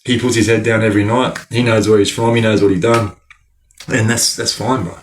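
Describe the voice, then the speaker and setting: A man's voice: on the low side, flat delivery, fairly quick, a little hiss or hum. An Australian man chatting casually on a livestream, greeting viewers by name, using lots of slang and laughing often. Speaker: livestream host reading chat.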